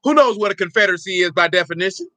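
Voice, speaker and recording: A man's voice: high-pitched, expressive, racing, bright, forceful tone, no echo. A man preaching an informal teaching sermon, teasing and bantering with the congregation as he goes. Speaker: pastor.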